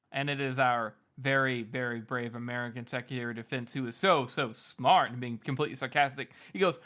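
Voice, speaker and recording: A man's voice: medium pitch, fairly even intonation, normal speed, hardly any pauses, bright, forceful tone. A man co-hosting a book podcast in loose, casual chat, laughing often and swearing freely. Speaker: podcast co-host.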